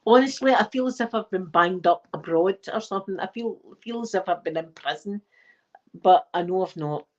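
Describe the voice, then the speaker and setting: Scottish woman, forties, rambling live-stream chat, mid-pitched voice, slightly muffled lo-fi audio. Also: moderate pace. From Scotland. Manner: rambling, animated storytelling with swearing. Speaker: ASMR livestream host.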